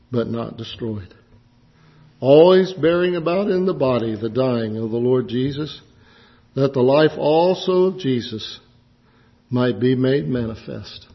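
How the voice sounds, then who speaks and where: A man's voice: medium pitch, gravelly. A man preaching a sermon, climbing to impassioned, emphatic peaks. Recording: dull lo-fi recording.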